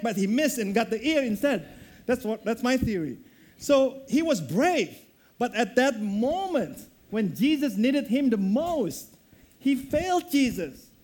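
A man delivering a sermon with a fairly high voice. He tells the story with animation, dropping low and rising high as he acts out the characters' lines. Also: a little mellow. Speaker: preacher.

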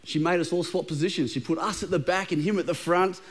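Casting: man, middle-aged, high voice, easygoing preacher who jokes and trips over words. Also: steady tone, fast talker, husky. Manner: conversational and humorous, with frequent repeated words. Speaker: pastor. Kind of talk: sermon. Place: church auditorium with a live congregation.

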